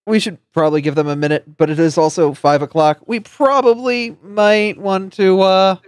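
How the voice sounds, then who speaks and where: A woman's voice: medium pitch, fairly even intonation, normal speed, a little mellow. A woman hosting a casual live stream, talking in a friendly, rambling way full of fillers and repeated words. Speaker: streamer and host.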